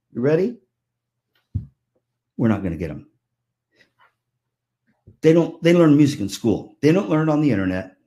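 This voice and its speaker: An older man giving a keynote to music teachers, telling lively anecdotes and acting out the voices of people in them. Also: mid-range voice. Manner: animated, acts out voices in anecdotes. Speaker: keynote speaker. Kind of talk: storytelling keynote. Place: virtual conference talk.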